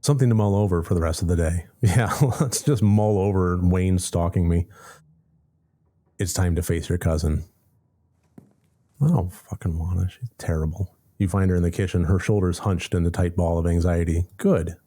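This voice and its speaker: A man with a fairly low voice reads a story game's narration aloud and mixes in sarcastic commentary. His tone is mellow and dark rather than bright. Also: steady tone, normal speed. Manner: wry, sarcastic asides between narration. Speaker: let's play gamer. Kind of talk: casual gameplay commentary, reading game text aloud.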